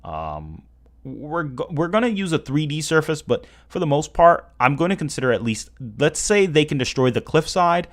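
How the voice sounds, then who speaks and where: A man's voice: fairly high pitch, sing-song, moderate pace. A man streaming live, talking casually as he works through calculations, often correcting himself, with keyboard typing heard behind him. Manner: rambling, self-correcting, working through math aloud. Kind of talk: casual livestream commentary.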